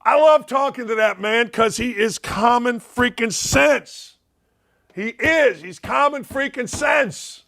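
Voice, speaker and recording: Middle-aged male talk host, rambling and sarcastic, high pitched with a gravelly edge. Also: unhurried, a bit bright. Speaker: sports talk show host. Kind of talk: opinionated sports and politics talk show.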